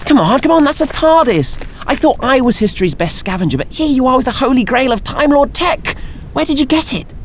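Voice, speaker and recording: A high-pitched, nasal young woman scientist, bubbling with glee and breezy slang, as a male reader puts her on. She tumbles out her questions quickly in a loud, eager audiobook voice. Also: expressive, slight background noise. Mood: excited. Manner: gleeful, breathless, casual slang. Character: young woman scavenger scientist, excitable, cheeky.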